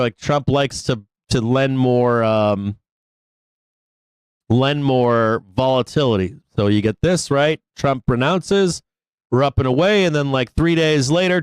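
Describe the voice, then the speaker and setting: A man hosts a live stock market stream, talking through charts in a casual, rambling way full of fillers and swearing. His voice is smooth and clear at a middle pitch. The sound is close and dry. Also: dry recording, rough recording. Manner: rambling, profane, fast bursts with many fillers. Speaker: stock market show host. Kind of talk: casual live trading commentary.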